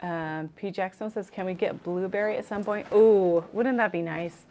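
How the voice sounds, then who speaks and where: A woman's voice: mid-range voice, moderate pace, darkish tone, slight background noise. A woman co-hosting a casual live stream, chatting and reading out viewer comments.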